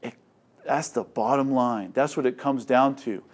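A man preaching an expository sermon, slow and deliberate, with loud emphatic swells and casual asides. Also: mid-range voice. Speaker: pastor.

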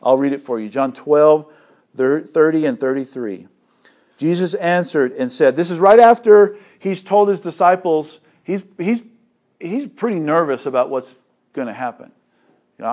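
A man preaching an expository sermon, slow and deliberate, with loud emphatic swells and casual asides. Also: fairly high pitch, animated. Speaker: pastor.

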